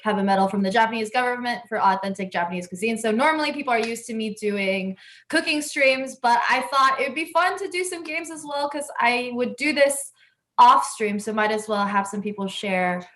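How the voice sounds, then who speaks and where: A woman in her twenties introduces herself as a player in casual chat. She jokes at her own expense and keeps her voice on the high side. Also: brisk, a bit bright. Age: 20s. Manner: chatty, self-deprecating and joking. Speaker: player and cooking streamer.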